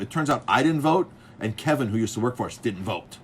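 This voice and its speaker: This restaurant-owning chef talks briskly at a medium pitch, with slight background noise, as he tells rambling, casual stories about beer. Full of fillers and restarts, he brings the tales to life by acting out others' lines.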